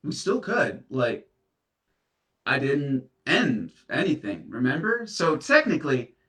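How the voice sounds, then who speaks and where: A guilt-ridden heartbreaker, played by a man stammers and flusters through apologies in a comedy sketch, speaking slowly with big swoops in pitch. His bright voice sounds distant, in an echoey room. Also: big pitch swings. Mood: flustered. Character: guilt-ridden serial dumper facing an ex's ghost.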